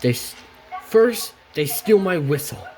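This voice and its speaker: A woman's voice: deep voice, animated, takes it slowly, a little mellow. A woman voicing a hot-tempered young male tank engine who stammers and exclaims, for a homemade storybook tale. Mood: angry.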